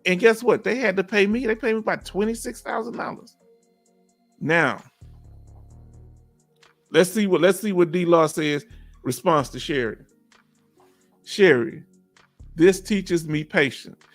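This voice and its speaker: A middle-aged man with a fairly high voice chats casually with his viewers. He reads their comments aloud and answers them in a folksy, encouraging way. Faint music plays underneath. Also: unhurried, pauses often. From Houston, Texas. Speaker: livestream host. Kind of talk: casual livestream chat.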